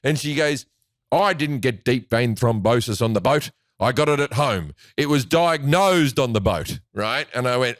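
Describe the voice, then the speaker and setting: A man's voice: medium pitch, animated, moderate pace, dry recording, clean studio sound. A man, a comedian guest, telling crude anecdotes in casual chat, often restarting his phrases. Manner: profane storyteller, restarts phrases, acts out quoted voices.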